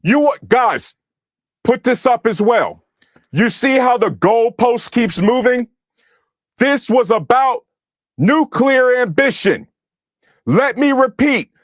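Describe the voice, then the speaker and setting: High-voiced young man ranting angrily. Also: expressive, slow, pauses often, dry recording, clean studio sound. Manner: angry, profane, shouting at chat. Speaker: streamer reacting to chat. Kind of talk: heated political livestream rant.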